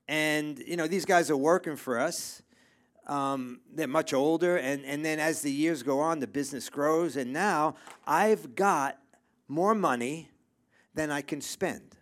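Middle-aged pastor guy preaching, bit of a high voice, keeps saying okay? and repeating himself, really emphatic. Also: measured pace. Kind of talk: sermon. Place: church room with a congregation.

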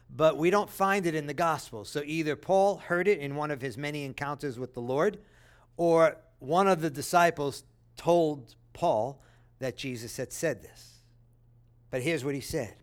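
Animated high-voiced male preacher. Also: smooth. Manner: animated storytelling, acts out voices with loud high bursts. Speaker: pastor. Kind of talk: sermon.

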